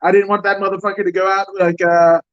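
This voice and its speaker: A man's voice: high voice, little pitch movement, clear, resonant tone, no echo. Rambling, foul-mouthed man on a dull stream. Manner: rambling, swears constantly, halting restarts. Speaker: guest. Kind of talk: casual profane podcast chat. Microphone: home mic over streaming software.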